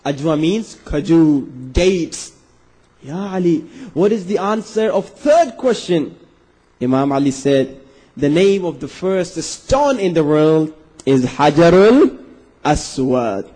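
A man's voice: husky, rough recording. A man preaching a sermon to an audience, telling a story and acting out its dialogue with rising, emphatic delivery. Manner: animated, acts out the dialogue with rising pitch for emphasis.

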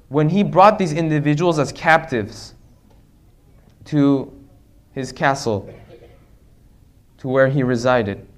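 Male religious lecturer, high-pitched, earnest, rhetorical.

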